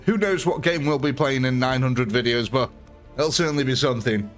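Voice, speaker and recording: A man's voice: mid-range voice, a little fast, faint music behind. A young man chatting through a live gameplay stream, thanking viewers and talking through his choices.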